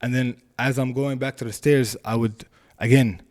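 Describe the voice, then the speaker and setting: A man telling a story in casual podcast chat, animated and laughing, acting out voices. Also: mid-range voice, normal speed.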